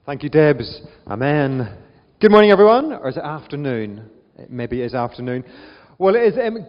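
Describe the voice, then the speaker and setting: A slightly high-voiced man with a Northern Irish accent delivers a sermon in a chatty, self-deprecating way, with frequent ums. His voice rings with long church reverb. The recording sounds dull and muffled. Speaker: visiting preacher. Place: church hall.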